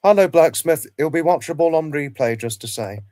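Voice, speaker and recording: Halting man reminiscing on a dry mic. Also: fairly high pitch, expressive, dark tone, no echo. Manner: halting, repeats himself, many restarts. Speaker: livestream host. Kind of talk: casual livestream reminiscing.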